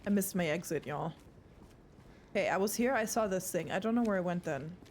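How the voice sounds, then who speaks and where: A woman's voice: lowish voice, brisk, a little mellow, a little hiss or hum. A young woman streaming a horror game, chatting casually with her viewers and swearing often. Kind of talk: casual live gameplay chat.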